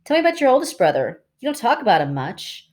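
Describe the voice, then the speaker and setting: A sharp, insistent teenage girl in a storybook reading, as a woman puts her on. She speaks high above the reader's usual voice and presses hard for answers. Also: sing-song, quick pace. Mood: curious.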